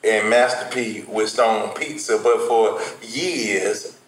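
A man's voice: fairly low pitch, noisy background. A man from Atlanta, a podcast guest talking in laid-back, slangy casual chat. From Atlanta, USA. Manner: laid-back, slangy, gets excited and fast when pressed. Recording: very echoey room.

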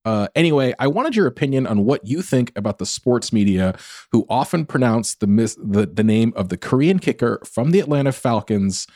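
A man reading listener questions on a podcast, with wry, deadpan asides. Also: mid-range voice, a little fast, no room sound, studio quality.

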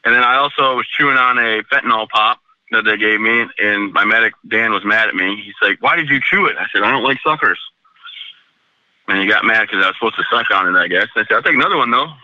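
Plainspoken man with a bright, forceful voice. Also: lowish voice, fast, dull audio. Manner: matter-of-fact, plainspoken, self-deprecating. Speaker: guest, Army veteran. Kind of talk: recounting a personal story in a remote interview.

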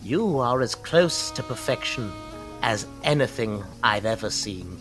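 A man's voice: medium pitch, unhurried, music in the background, pitched below the performer's own voice, close to an everyday voice. A man putting on a stammering eccentric inventor. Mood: wistful. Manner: stammering, breathless excitement. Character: eccentric soot-covered inventor, awestruck and fussy. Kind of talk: tabletop role-play character voice.

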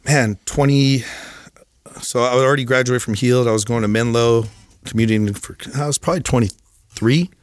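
Podcast guest, a man in his thirties, candid and profane, halting restarts, mid pitch, dry room. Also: clear, resonant tone, dry recording. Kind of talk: casual storytelling.

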